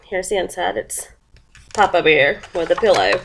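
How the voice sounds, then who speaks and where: A woman with a drawl explains her lesson plan in a plain, classroom way. She has a cold and sniffles as she talks. When she reads the story she slows down and puts on voices and sound effects for the characters. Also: fairly low pitch, gravelly, slight background noise. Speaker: teacher presenting a lesson plan. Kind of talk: explaining a lesson and reading a picture book aloud.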